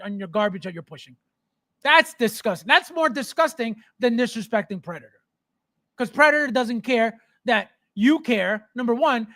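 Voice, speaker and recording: A man's voice: extremely high pitch, bright, forceful tone. A man hosting a casual livestream, reading chat and ranting bluntly and emphatically about his hobby. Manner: reads chat aloud, laughs often. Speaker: livestream host.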